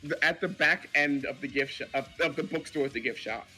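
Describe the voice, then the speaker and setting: A man's voice: a little high, brisk, sharp tone, faint music behind, low-quality recording. A man narrating as a dungeon master, loose and laughing, with many fillers. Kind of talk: narrating a tabletop game.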